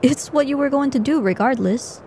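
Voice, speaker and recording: A woman's voice: sits high, moderate pace, a little mellow, a little hiss or hum, lightly acted. A woman performing a scripted audio role-play as a weary, teasing young woman friend stuck in a time loop, speaking in a dry, knowing way.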